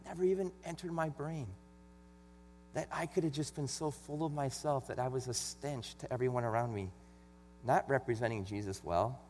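Heard through long hall reverb and faint mains hum, a middle-aged pastor delivers a sermon in a mid-range, slightly mellow voice at normal speed. His manner is earnest yet conversational, and he gives scripture readings extra emphasis.

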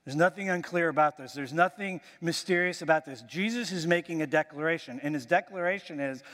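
A man preaching a sermon as pastor of his church, emphatic and building with dramatic pauses. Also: fairly high pitch, fairly bright tone. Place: church sanctuary. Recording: church hall reverb.

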